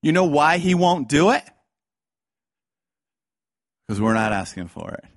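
A man preaching a fiery sermon, swinging between loud outbursts and hushed lines and acting out the voices he quotes. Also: a little high, big pitch swings, a little slow, no room sound, studio quality.

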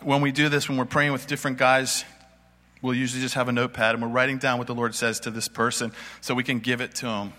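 A man's voice: medium pitch, flat delivery, quick pace, bright, forceful tone, big-room sound. A man speaking at a church gathering, delivering an informal sermon in a folksy, conversational storytelling way. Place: church meeting space with audience.

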